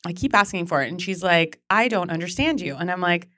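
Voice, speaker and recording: A woman in her thirties, a podcast guest and memoir author, telling personal stories in a chatty, animated way with casual swearing. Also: lowish voice, brisk, dry recording, studio quality. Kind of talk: candid storytelling.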